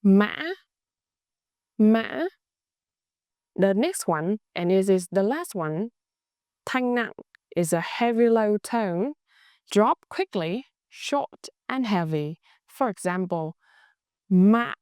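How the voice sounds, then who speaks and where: A young woman with a Vietnamese accent teaching a language lesson, speaking slowly and carefully and drawing out words to show how they sound. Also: mid-range voice, lively intonation, darkish tone, smooth, dry recording, clean studio sound. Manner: slow, careful, exaggerated tone demonstrations.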